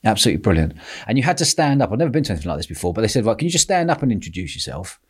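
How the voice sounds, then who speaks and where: A man hosting a podcast, telling a lively story with lots of laughter and quoted voices. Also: lowish voice, very fast, breathy edge. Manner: animated, laughing, acts out quotes. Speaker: podcast host. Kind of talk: casual storytelling chat.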